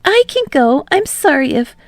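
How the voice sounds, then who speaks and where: Woman playing a timid, high-voiced young man. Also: big pitch swings, normal speed, no room sound. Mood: nervous. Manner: timid and apologetic. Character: nervous, sweet young man.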